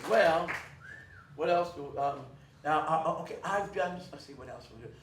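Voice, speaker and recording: A man's voice: a little high, normal speed, roomy sound, recorded from a distance, crowd noise, noisy background. A man performing on stage, telling earnest, meandering stories in a wistful way. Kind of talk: rambling live storytelling. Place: live venue stage.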